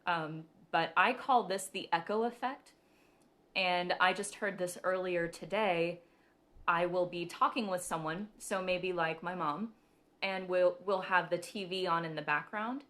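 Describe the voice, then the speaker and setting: Giggly woman with a lowish voice. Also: a little slow, a bit bright. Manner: chatty, giggly, many ums. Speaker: spiritual reader and host. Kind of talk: casual live-stream talk.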